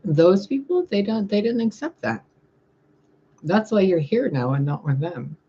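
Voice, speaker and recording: Sarcastic spiritual reader lady, crude and blunt, husky voice, mid pitch. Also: very animated, measured pace, warm tone, lo-fi sound. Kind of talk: casual vlog monologue.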